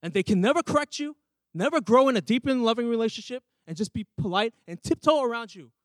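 Guy preaching a sermon, really high voice, keeps asking the congregation stuff, dry close sound. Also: expressive, quick pace, no room sound. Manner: emphatic, asks the congregation questions. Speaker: pastor. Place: church.

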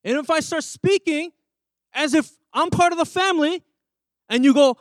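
A man's voice: extremely high pitch, moderate pace, no echo. A man who is a pastor, preaching a sermon and often asking the congregation questions. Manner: emphatic, asks the congregation questions. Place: church.

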